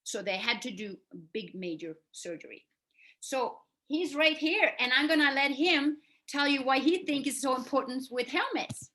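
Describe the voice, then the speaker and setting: A woman's voice: high voice, expressive, moderate pace, sharp tone. A middle-aged woman, a mother, earnestly telling her son's story, often checking in with "right?". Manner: earnest, explaining with questions and "right?". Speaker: mother and host. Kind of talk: casual talk to camera.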